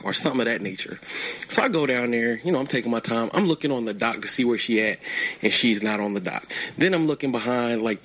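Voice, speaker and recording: A man's voice: medium pitch, sharp tone, poor audio. A young man calling in to tell a long story in a casual, rambling way, laughing at himself now and then. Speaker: caller leaving a voicemail.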